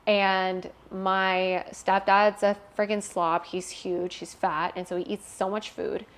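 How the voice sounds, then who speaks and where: A woman's voice: mid-range voice, level tone, slow. A young adult woman, an interview guest, telling a painful personal story candidly and emotionally, swearing freely.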